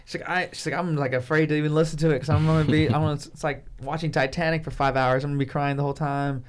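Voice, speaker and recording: A young man talking fast and loose in a casual chat. He tells his stories full of slang and swearing. Now and then he acts out his friends' lines in a raised voice. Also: on the high side, fairly even intonation. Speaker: podcast guest.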